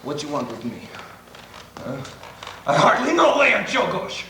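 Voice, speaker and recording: Actor doing a defiant polish immigrant guy, broken english, voice leaps all over, boomy theater room, hissy tape. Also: wildly swooping pitch, measured pace, exaggerated voice. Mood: defensive. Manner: broken English, volatile, swings from shouting to muttering. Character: young male Polish immigrant mill worker, jumpy and defiant. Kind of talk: live stage acting. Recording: echoey theater recording from far off with hiss.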